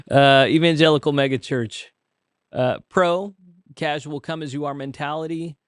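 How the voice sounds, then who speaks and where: A man's voice: fairly high pitch, steady tone, a little slow, no room sound. A man hosting a casual livestream, reading items aloud and commenting with dry humor, with frequent hesitations. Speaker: livestream host.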